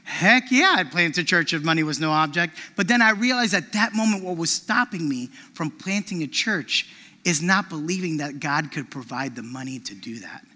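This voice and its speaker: A man preaching a sermon as a pastor, telling animated stories with frequent restarts. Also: a little high, moderate pace. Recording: long reverb of a large hall.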